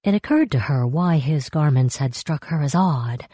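Low, mellow woman narrating a story. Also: lively intonation, moderate pace, breathy edge, no room sound. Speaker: audiobook narrator. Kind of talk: scripted narration.

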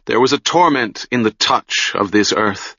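A man reading a fantasy novel aloud in a measured, solemn manner, recorded close on a dry mic with a dull lo-fi sound. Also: fairly low pitch, lively intonation, pushed and bright, dry recording. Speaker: audiobook narrator. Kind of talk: scripted fantasy narration.

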